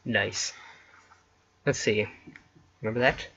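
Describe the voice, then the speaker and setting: A man's voice: medium pitch, normal speed, fairly bright tone, muffled recording, slight background noise. A man hosting a let's play, reading interactive fiction aloud between casual chat with his co-player. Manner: reads story text then chats casually.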